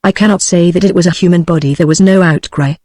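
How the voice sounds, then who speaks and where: A woman's voice: on the low side, fairly even intonation, fast, darkish tone, no room sound, studio quality, lightly acted. A text-to-speech woman's voice with a British accent voicing a frightened young woman passenger, without changing its voice. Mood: worried. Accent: British English. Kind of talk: synthetic text-to-speech book reading.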